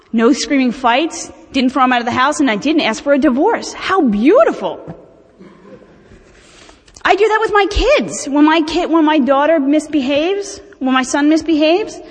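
A middle-aged woman shares her recovery experience in an animated, self-mocking way. Her voice sits a little high, and a long hall reverb trails every phrase. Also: moderate pace, few pauses. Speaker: speaker sharing recovery experience. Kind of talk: personal talk at a recovery meeting.

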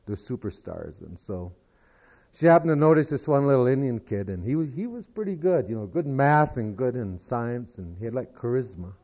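A man's voice: mid-range voice, dark tone. A man telling a long joke in a folksy, rambling way, full of "he said" asides. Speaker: storyteller.

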